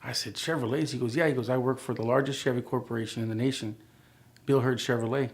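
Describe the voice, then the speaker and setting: A man in his forties tells his own story in an easygoing, conversational way. He voices the people he quotes with lively jumps in tone, then drops back to a quieter, reflective voice. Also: medium pitch, quick pace. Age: 40s. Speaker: interviewee sharing his life story. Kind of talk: relaxed storytelling interview.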